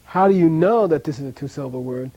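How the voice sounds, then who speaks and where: A man's voice: fairly high pitch, fast talker, warm tone, lo-fi sound. Man teaching sounds to a class. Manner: patient, repeats sounds for students to echo. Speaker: language teacher. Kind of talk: classroom lesson with drills.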